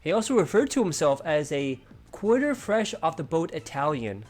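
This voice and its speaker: Male commentary host, slightly high voice, sarcastic narration over soft music. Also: sing-song, normal speed. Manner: dry, mocking narration.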